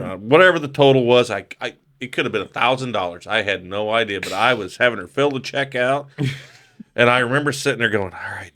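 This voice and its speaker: A man's voice: mid-range voice, bright, forceful tone. A man on a podcast telling a rambling story, laughing often and swearing freely. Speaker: podcast guest. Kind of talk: casual storytelling.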